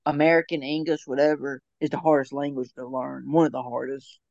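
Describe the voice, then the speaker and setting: A young man co-hosting a casual chat, rambling with halting restarts and frequent laughs. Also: medium pitch, level tone, gravelly, a little mellow, no echo, dull audio.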